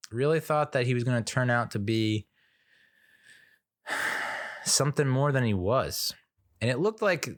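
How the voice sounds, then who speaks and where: A man's voice: on the low side, no echo, studio quality. Casual, rambling male sports podcaster. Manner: rambling, frank, with frequent fillers and restarts. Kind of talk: casual sports commentary monologue.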